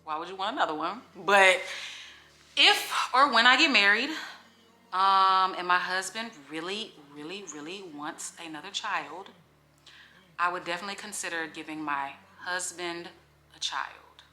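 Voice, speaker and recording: A vlogger in her forties talks candidly to the camera in a casual Q&A, open and emotional. Her voice is fairly low and sharp at a normal pace, recorded in an echoey room with faint music.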